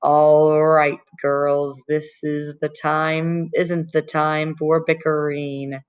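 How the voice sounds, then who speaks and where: A commanding disembodied being, as a woman reads her, speaks slowly, sharply and deliberately, a touch lower than the reader's own voice. The recording is slightly dull. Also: little pitch movement, clear, resonant tone.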